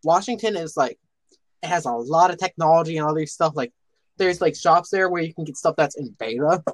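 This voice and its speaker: A man's voice: on the high side, expressive, brisk, no echo, rough recording. A man from Minnesota chatting earnestly on a voice call, rambling with plenty of restarts. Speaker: chat participant. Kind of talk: casual online voice chat.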